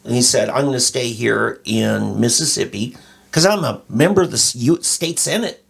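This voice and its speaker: Gravelly man with a Minnesota accent. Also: mid-range voice, normal speed. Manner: explanatory, history lecture tone. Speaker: co-host. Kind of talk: casual political talk.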